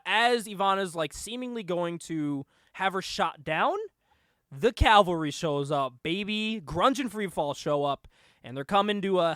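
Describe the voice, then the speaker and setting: A man hosting a casual podcast chat, retelling a movie in an animated way, acting out the characters' lines and laughing often. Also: high-pitched, no room sound, clean studio sound. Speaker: podcast host.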